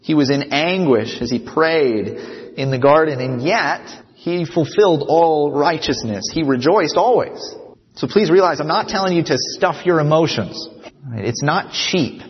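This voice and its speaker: A man's voice: fairly high pitch, expressive, measured pace. Preaching man in an echoing hall. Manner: earnest, repeats "right?" to the congregation. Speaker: pastor. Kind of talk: sermon. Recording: dull sound with long reverb of a hall.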